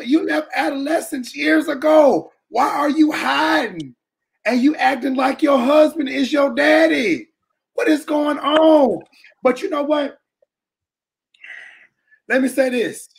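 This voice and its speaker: A man giving an impassioned, preaching-style talk, colloquial and animated, often shouting for emphasis to his listeners. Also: very high voice, slow, creaky. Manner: colloquial, calls listeners "baby" and "y'all". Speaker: speaker addressing a church audience.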